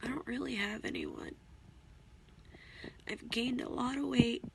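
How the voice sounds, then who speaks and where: A young woman talking straight to her camera in an emotional confessional vlog, tearful and halting, repeating herself and sighing. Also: a little high, huge pitch swings, vocal fry, noisy background. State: tearful, on the verge of crying. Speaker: vlogger. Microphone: camera mic.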